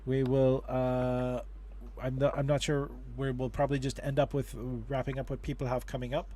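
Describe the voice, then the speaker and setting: A man's voice: mid-range voice, little pitch movement, moderate pace, mellow, slight background noise. Rambling man hosting a livestream. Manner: rambling, with many restarts and fillers. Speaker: host. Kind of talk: casual livestream advice chat.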